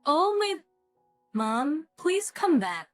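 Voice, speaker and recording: A woman's voice: high-pitched, big pitch swings, takes it slowly, no echo, faint music behind, pitched above the performer's own voice, full character voice. A woman voicing a whiny grown son who pleads with his mother for help.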